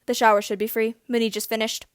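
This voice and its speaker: A woman voicing a tired teenage boy wizard who talks in a flat, dry way in a storybook reading. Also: fairly high pitch, quick pace, no room sound, lightly acted.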